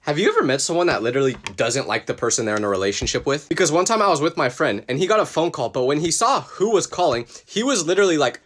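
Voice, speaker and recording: A man in his twenties telling scripted comedic stories in an animated, self-mocking way. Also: on the high side, fast talker, few pauses. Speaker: comedic storyteller.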